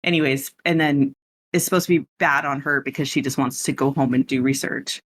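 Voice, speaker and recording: A man's voice: mid-range voice, fairly even intonation, brisk, a bit bright. A man hosting a podcast, casually recapping a film in a chatty, rambling way with lots of asides. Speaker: podcast host.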